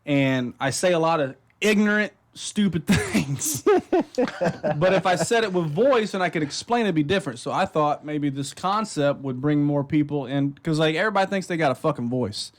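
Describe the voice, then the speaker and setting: A man's voice: a little high, lively intonation, normal speed. A man co-hosting a casual talk show, blunt and profane, talking with heat about being called stupid. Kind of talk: casual chat.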